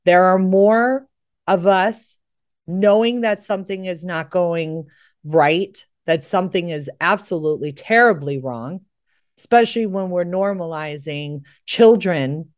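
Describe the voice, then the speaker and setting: A woman's voice: lowish voice, slow. A middle-aged American woman hosting a talk show, speaking earnestly and with emphasis. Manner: earnest, emphatic, rising with emotion. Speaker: host. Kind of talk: impassioned talk show monologue.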